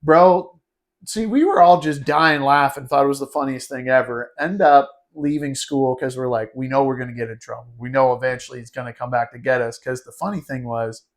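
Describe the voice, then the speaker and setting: A man telling a wild story on a podcast, animated and laughing, calling his cohost "dude" and "bro". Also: mid-range voice, fairly quick. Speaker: podcast host. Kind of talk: casual storytelling chat.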